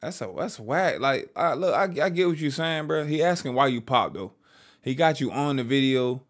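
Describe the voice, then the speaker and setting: A man's voice: mid-range voice, animated, moderate pace. A man from Maryland with a Maryland accent, hosting a reaction video and commenting loosely in slang. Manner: loose slangy running commentary, riffing at the screen.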